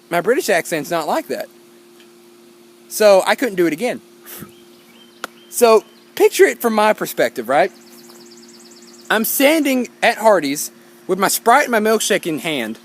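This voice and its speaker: A young man telling a story in a high voice that swoops and bounces all over the place. He is casual and jokey, and he keeps turning to the viewers with playful asides. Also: a bit bright. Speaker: storytime YouTuber.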